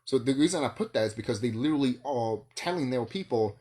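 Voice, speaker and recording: A man's voice: mid-range voice, lively intonation, fast, few pauses, darkish tone. A man vlogging in a rambling solo monologue, ranting and swearing, with bursts of laughter.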